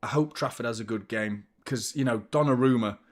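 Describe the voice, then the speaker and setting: Chatty football fan streamer. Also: male voice, mid-range voice, a little fast. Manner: chatty, thanks viewers by name, reacts to play. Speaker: fan channel host. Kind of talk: live football watchalong chat.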